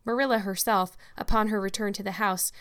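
Female audiobook narrator, mid-pitched, measured and steady. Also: smooth. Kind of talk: scripted narration.

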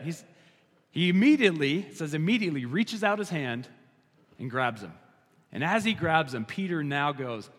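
A pastor delivering a sermon, a man with a slightly raised voice who grows animated and then slows down hard on his key lines. His voice rings out with a long reverb, as in a large church hall. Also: a little high.

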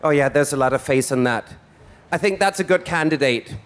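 A man's voice: on the high side, normal speed, slight background noise. Campy man hosting a drag show. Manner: flamboyant, theatrical, teasing. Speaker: drag performer and show host. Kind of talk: campy stage stand-up. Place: stage before a live audience.

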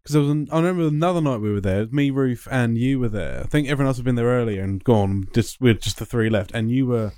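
A man in casual chat, telling an animated story and acting out the voices in it. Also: mid-range voice, quick pace, few pauses, clean tone, no echo, clean studio sound.

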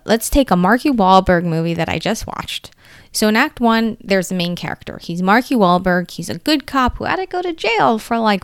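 A woman's voice: mid-range voice, clean tone, no room sound, clean studio sound. A woman hosting a solo podcast, talking in a chatty, rambling way with easy asides. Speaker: podcast host. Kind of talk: casual solo podcast talk.

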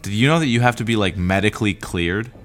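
A man's voice: lowish voice, fast talker, fairly bright tone, faint music behind. A man hosting a podcast in casual chat, rambling with lots of fillers and laughing easily. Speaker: podcast host.

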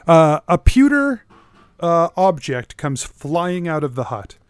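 A man's voice: fairly high pitch, very animated, takes it slowly, smooth, no room sound. A man running a tabletop game, describing scenes casually with many fillers. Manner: casual, filler-heavy narration. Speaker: game master.

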